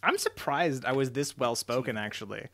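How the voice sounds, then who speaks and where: A man's voice: mid-range voice, lively intonation, normal speed, fairly bright tone, slight background noise. Chatty, self-mocking young man. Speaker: YouTuber. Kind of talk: casual commentary reacting to his old videos.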